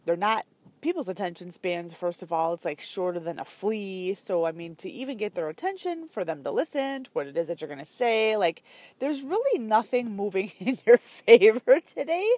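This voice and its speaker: A woman coaches other trainers in a loose, chatty talk, leaning hard on fillers and sudden emphasis. Her voice sits at a middle pitch and sounds close and dry, with no room around it. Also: expressive, normal speed, darkish tone, no room sound. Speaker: fitness business coach.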